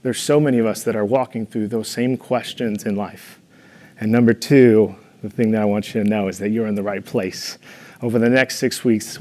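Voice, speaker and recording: A young man giving a devotional talk, telling playful stories with humor and an encouraging, earnest manner. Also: mid-range voice. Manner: storytelling with playful humor, animated in anecdotes.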